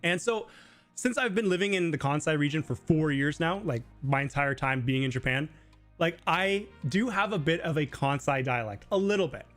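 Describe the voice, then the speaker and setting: Chatty man with a slightly high voice. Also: expressive, moderate pace, a bit bright, soft background music. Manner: chatty, heavy use of filler words. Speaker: live stream host teaching Japanese. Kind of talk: casual live Q&A explanation. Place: living in Japan.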